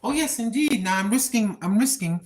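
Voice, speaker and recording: A woman's voice: medium pitch, expressive, fairly quick. An older woman talking casually and preachily while live-streaming on a walk, recorded on her phone. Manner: chatty, preachy, talks to herself. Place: outdoors on a walk.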